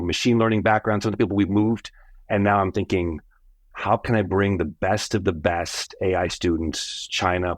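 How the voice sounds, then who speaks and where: A middle-aged American man, a company founder, telling his family story as a podcast guest, animated, acting out the voices he quotes. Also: lowish voice, dry recording. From United States. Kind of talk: storytelling in an interview.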